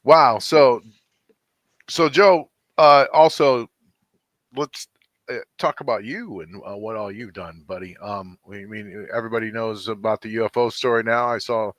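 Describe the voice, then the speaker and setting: A man's voice: fairly low pitch, fairly even intonation, moderate pace, a bit bright, no echo. A man hosting a casual talk show, rambling and laid-back with plenty of fillers. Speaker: podcast host. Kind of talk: casual chat.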